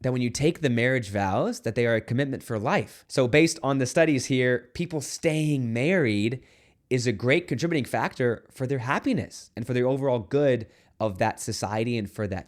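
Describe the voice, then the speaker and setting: Earnest conversational priest, man. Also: mid-range voice. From United States. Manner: earnest, conversational, with playful asides. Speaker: Catholic priest. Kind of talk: video homily to camera.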